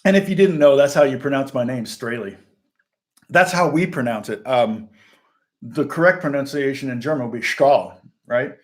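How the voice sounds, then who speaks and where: A man's voice: medium pitch, normal speed. A middle-aged man, a guitar teacher hosting a casual livestream chat, rambling and laughing often. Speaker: guitar teacher and channel host.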